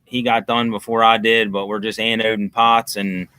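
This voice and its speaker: A man with a lowish, bright voice, chatting loosely and teasing on a livestream. The sound is dry and close, with no room around it. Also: flat delivery, normal speed, clear, resonant tone, no echo. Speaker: co-host. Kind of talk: casual livestream chat.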